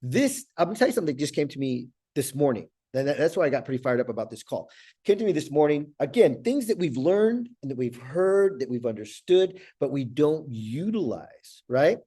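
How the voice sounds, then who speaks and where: An earnest middle-aged man leads a motivational coaching session as a life coach, tripping over and repeating words and tossing in "right?" along the way. His voice is slightly high for a man, warm and mellow, with wide swings in pitch, a quick pace, and a breathy edge.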